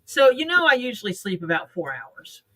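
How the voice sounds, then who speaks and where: Bright, animated podcast co-host. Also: medium pitch, fairly quick, dry recording. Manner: animated storyteller. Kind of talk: casual livestream chat.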